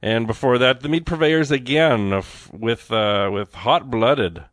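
A man hosting a music radio show, running down the last set in a loose, talkative way and breaking into enthusiastic exclamations. His voice is mid-pitched and sits dry and close to the mic, with no room echo. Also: a little slow. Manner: chatty and enthusiastic, with excited exclamations. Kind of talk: casual on-air song back-announcing.

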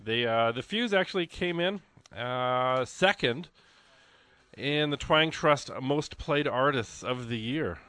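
A man hosting a live radio fundraiser, chatting in an excitable, rambling, jokey way from a studio. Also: medium pitch, takes it slowly, smooth, no echo. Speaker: radio host. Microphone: studio microphone.

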